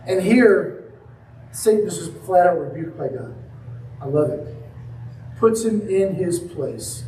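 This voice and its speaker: Male preacher, high voice, sermon delivery with acted-out story, echoey hall mic. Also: lively intonation, slow pace, dark tone, a little hiss or hum. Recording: echoey room from a distance.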